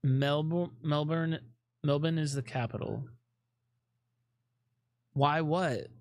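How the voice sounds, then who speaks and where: A man's voice: fairly high pitch, takes it slowly. A man chatting casually on a live stream, rambling with lots of fillers, swearing often and fidgeting restlessly.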